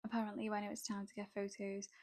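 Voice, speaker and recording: A young woman spills a wild story in a dramatic, gossipy chat, peppered with "like". Her voice sits at an ordinary middle pitch, and the sound is close and dry with no room around it. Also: completely flat delivery, fast talker, darkish tone, no room sound. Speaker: makeup artist vlogger.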